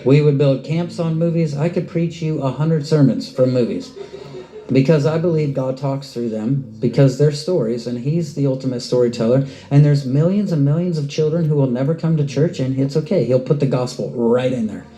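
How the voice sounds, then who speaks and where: Very dark-voiced animated male preacher. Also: normal speed. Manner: animated storyteller, pitch jumps up when excited. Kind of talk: sermon. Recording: roomy echo.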